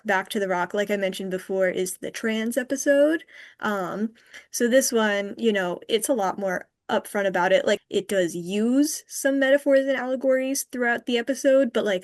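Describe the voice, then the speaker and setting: A woman hosting a podcast, recapping an episode in casual chat, full of likes and ums. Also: mid-range voice. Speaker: podcast host.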